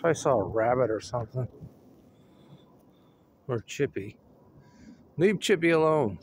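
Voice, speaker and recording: A man's voice: mid-range voice, lively intonation, a little slow, a little hiss or hum. A man casually rambling through a story with fillers and chuckles, recorded outdoors on a phone. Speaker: vlogger. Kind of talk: casual chat. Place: outdoors at home while walking a dog.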